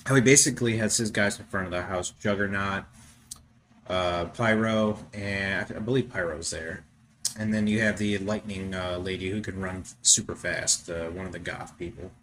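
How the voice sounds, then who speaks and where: A man's voice: fairly low pitch, fairly bright tone, slight background noise. A young man hosting a podcast, giving casual, rambling commentary on a film. He swears often and fills his talk with "uh" and "like". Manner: rambling, profane, with frequent fillers. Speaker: podcast host reacting to a film.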